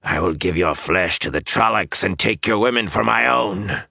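A man voicing an eyeless, menacing male monster in a dry, rasping whisper in an audiobook. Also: low-pitched, normal speed, pushed and bright, dry recording, full character voice.

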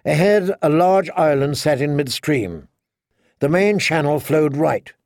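A man narrating a story as an audiobook reader, in a steady, measured reading style. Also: fairly high pitch, no echo, studio quality. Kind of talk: scripted narration.

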